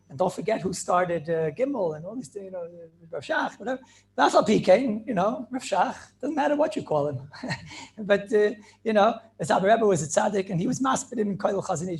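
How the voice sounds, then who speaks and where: Gravelly-voiced rabbi telling stories. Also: male voice, sits high, darkish tone. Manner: retells stories with many repeated phrases and restarts; mixes in Yiddish and Hebrew words. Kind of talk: inspirational storytelling talk.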